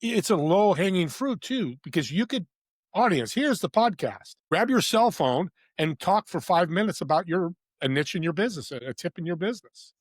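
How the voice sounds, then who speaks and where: Guesting on a podcast, a man eagerly spins stories in a relaxed interview, speaking with emphatic energy and plenty of tangents. His slightly high voice is expressive at a normal speed, captured dry and close with no echo.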